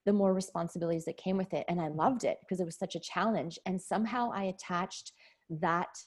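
A woman's voice: on the low side, brisk. A woman in her forties, a nurse and podcast guest, telling her story candidly and with feeling in a casual interview. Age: 40s. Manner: candid, emotional, laughs often.

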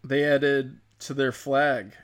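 A man's voice: mid-range voice, level tone, slow pace, clean tone. A man hosting a show, ranting in profane, sarcastic commentary and mocking the people he talks about.

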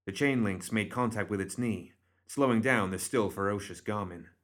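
A man reading a story aloud as audiobook narrator, in a steady, measured way. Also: lowish voice.

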